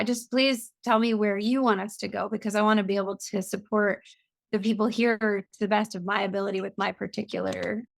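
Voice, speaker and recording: A woman's voice: mid-range voice, gravelly, no room sound. A middle-aged woman, a compassion coach, explaining earnestly in a podcast interview. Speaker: guest, compassion coach and author.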